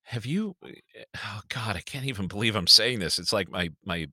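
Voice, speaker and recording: A middle-aged man co-hosting a casual podcast, with a bright, forceful voice that swings widely in pitch. He talks in an animated way and swears freely. The recording is close and dry. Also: moderate pace, no echo. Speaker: podcast co-host. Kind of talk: casual chat.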